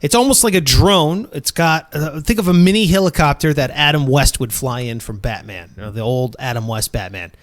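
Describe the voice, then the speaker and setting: This comedy podcast host, a man, has a voice on the high side and talks fairly quickly with few pauses. The banter is casual, animated and jokey, with him putting on silly voices.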